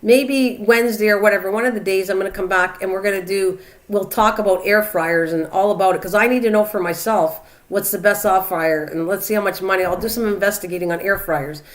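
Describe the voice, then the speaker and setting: Older lady chatting away on her live stream, wandering from one thing to the next, reads out chat and answers people, mid-pitched voice. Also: brisk, few pauses. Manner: rambling, chatty, reads viewer comments aloud and answers them. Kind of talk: casual chat.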